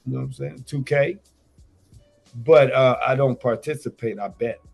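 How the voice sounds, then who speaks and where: A man talks big as a radio guest, rambling through boasts in loose profane slang. His voice has a gravelly, rough edge and a husky grain, with faint music underneath. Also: medium pitch, moderate pace, darkish tone. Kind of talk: boastful casual chat.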